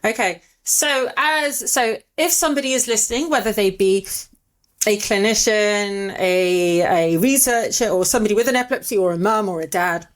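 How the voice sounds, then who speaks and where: A woman's voice: medium pitch, moderate pace. A woman hosts an interview, asking questions in a chatty, playful tone. She presses for practical, everyday answers. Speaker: podcast host.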